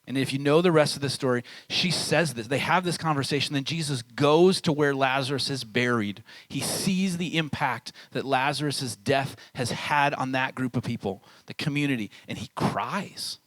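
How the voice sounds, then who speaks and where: A man in his thirties preaches at a camp, telling the story in a loose, conversational way. His voice sits at an ordinary middle pitch. The sound is dry and close, with almost no room echo. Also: normal speed, hardly any pauses, fairly bright tone. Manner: casual storytelling, acts out quoted voices. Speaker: camp speaker. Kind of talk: sermon.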